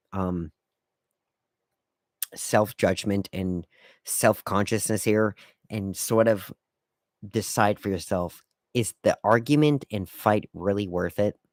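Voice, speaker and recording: A man with a fairly low voice hosts a casual solo podcast, recorded close and dry with no room sound. He lays out rules in a wry, lightly lecturing way. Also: takes it slowly, darkish tone, dry recording. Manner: wry, lecturing etiquette tips. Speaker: podcast host.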